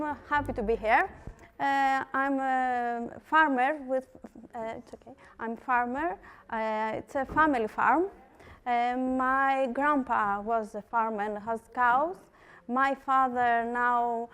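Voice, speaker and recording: A woman farmer from Greece introduces herself at a conference. Her voice is smooth and fairly high, and she speaks slowly in simple English, pausing often on fillers. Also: fairly bright tone. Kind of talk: short self-introduction at a conference.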